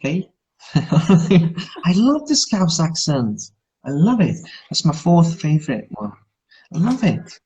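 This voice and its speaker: A man with a husky, slightly raspy voice chats casually in English, which is not his first language, since he grew up speaking Hungarian. His pitch rises and falls a lot as he repeats words and phrases. The stream audio sounds dull and lo-fi. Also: big pitch swings, slow pace, mellow. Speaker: English teacher and live stream host. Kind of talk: casual chat on a live stream.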